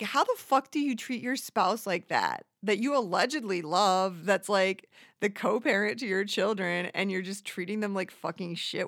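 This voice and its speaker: A woman's voice: mid-range voice, fairly bright tone, no room sound. A woman rants casually, swearing freely and rambling from one grievance to the next. Her voice sits mid-range and close, with a dry sound and no room around it. She is self-deprecating and slips into little acted voices of other people. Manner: acts out quoted voices. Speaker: monologuist. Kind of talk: casual rant.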